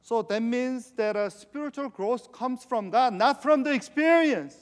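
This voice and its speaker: A man with a high voice preaches a sermon in an easy, conversational way. He strings his points together with frequent "you know" fillers and loose, non-standard grammar. His voice carries a long reverb, as in a large hall. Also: measured pace. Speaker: pastor.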